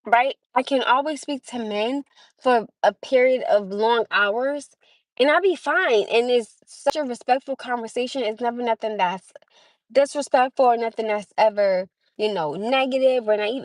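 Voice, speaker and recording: A woman's voice: on the high side, no room sound. A young woman hosting a casual livestream, chatting with viewers, laughing often and greeting them by name. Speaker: livestream host.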